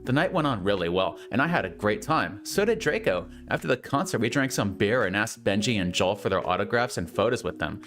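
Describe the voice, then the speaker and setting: A man's voice: lowish voice, expressive, fairly quick, hardly any pauses, a bit bright, soft background music. A man giving a comedic dramatic reading, amused and stopping to comment. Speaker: host reading fanfiction aloud.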